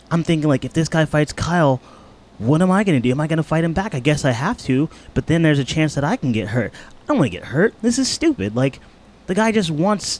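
A young man recounting a tense encounter in casual chat, earnest, with halting restarts. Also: fairly high pitch, a little mellow.

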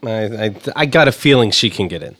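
A man's voice: mid-range voice, lively intonation, fast talker, fairly bright tone, slight background noise. A man co-hosting a laid-back chat show. His intonation swings widely up and down as he makes dry joking asides. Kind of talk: casual chat.

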